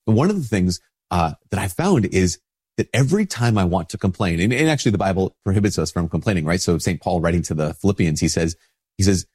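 Priest, low husky voice, stuffed up from a cold, chatty and informal. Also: male voice, animated, fast talker, a little mellow. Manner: conversational, informal, with many restarts and "like". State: sick with a stuffy nose. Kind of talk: casual spoken reflection.

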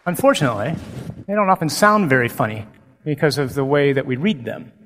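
A man, a priest, giving a lively and humorous conference talk with emphatic delivery. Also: fairly high pitch, a little fast. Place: large hall. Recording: long hall reverb.

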